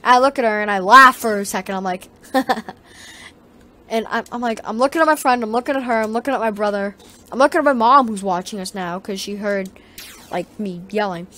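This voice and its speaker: A woman vlogger telling a story in a casual, rambling way, swearing often and getting animated. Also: mid-range voice, a little fast.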